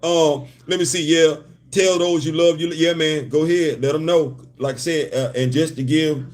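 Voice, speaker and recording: A man hosting a laid-back livestream from a hotel room, joking and circling back over his own phrases. His voice sits slightly high. He speaks in easy, conversational chat. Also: steady tone, moderate pace. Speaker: host.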